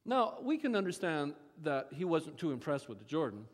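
A male pastor preaching a sermon, telling the story with animated asides and acted-out quotes. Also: fairly high pitch, moderate pace. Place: church sanctuary. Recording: church hall reverb.

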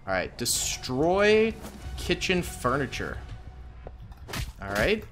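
A young man giving goofy, casual commentary over his own gameplay, muttering to himself and then yelling at a character. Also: medium pitch, huge pitch swings, slow pace, soft background music. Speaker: gaming YouTuber.

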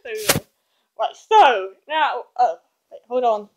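A hyper, giggly teenage girl rambles through a doll review from her bedroom. Her pitch sits a little high and swoops around a lot, and she talks slowly, holding the camera in one hand. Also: very animated, noisy background. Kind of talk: casual rambling vlog. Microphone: handheld camera, filming one-handed.

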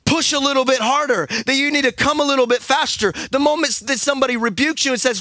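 Pastor, male, very high bright voice, emphatic sermon delivery, dry close sound. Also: fairly even intonation, fast, hardly any pauses, no echo. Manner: emphatic preaching with repeated words, building to shouts. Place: church service.

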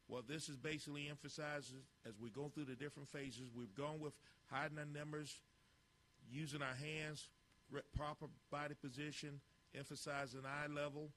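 A man's voice: on the high side, level tone, moderate pace, fairly bright tone, slight background noise. A man coaching football, narrating drill footage with blunt, clipped instructions and critiques.

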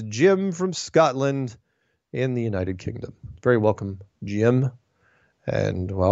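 A man's voice: mid-range voice, vocal fry, a little mellow, no echo. A man hosting a casual monologue, reading viewer emails aloud and ranting in a chatty, opinionated way with frequent restarts. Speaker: host answering viewer mail. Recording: dull lo-fi sound, dry.

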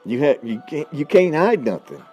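Guy podcasting, blunt and folksy, warm mellow voice, bit of music behind. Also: fairly high pitch, sing-song, moderate pace, breathy edge. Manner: blunt, folksy, laughs often, addresses listeners as y'all. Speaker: podcast host. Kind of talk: casual storytelling monologue.

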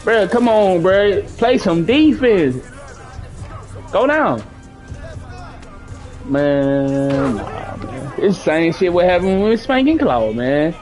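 Slangy gamer man, lively pitch. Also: a little slow, faint music behind. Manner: coaching and scolding teammates, slangy and profane. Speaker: gaming streamer. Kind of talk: live gameplay chat with teammates.

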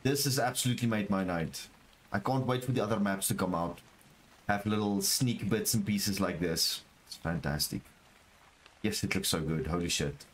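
A man streaming a game live, talking to his chat and exclaiming over what he finds, with low murmurs that jump to excited shouts. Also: normal speed, a little hiss or hum. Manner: excitable, repeats phrases, talks to chat. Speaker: gaming streamer. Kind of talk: live gameplay commentary.

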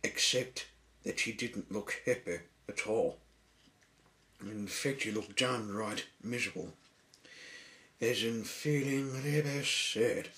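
A man reading a children's storybook aloud, with slow, drawn-out and playful emphasis. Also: medium pitch, sharp tone.

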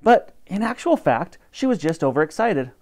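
A man reading a children's chapter book aloud as storyteller, expressive and theatrical. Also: moderate pace. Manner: expressive, animated, lowers voice for narration.

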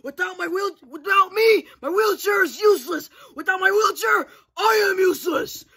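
A man's voice: very high-pitched, moderate pace, a crowd in the background, voice pushed up. A man voicing a hysterical character who screams and sobs. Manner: shouting, sobbing, hysterical. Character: hysterical man screaming over his wheelchair.

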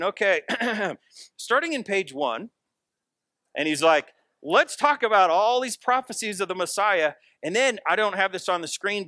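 An American man preaching a sermon as pastor, telling a Bible story in an animated way and acting out the quoted voices. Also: on the high side, no echo, studio quality.

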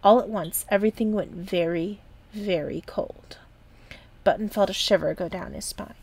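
A woman narrating a children's chapter book aloud. She keeps a soft, gentle reading voice, sometimes dropping almost to a whisper. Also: medium pitch, moderate pace, creaky, breathy edge. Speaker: storyteller.

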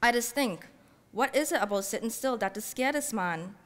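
A woman author reading her fiction aloud in a measured, heartfelt first-person voice, using Caribbean-English dialect. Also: fairly high pitch, lively intonation. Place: library event space. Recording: long reverb from a large hall.

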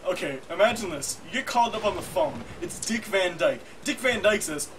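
A man co-hosting a comedy show, trading jokes and spinning rambling, excitable stories. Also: high voice, brisk, slight background noise, rough recording. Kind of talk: casual comedic banter.

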